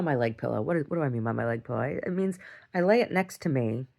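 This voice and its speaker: A quick-paced woman with a bass voice that's creaky and darkish in tone. She's a video diarist rambling through a long story, restarting her sentences and laughing a lot along the way.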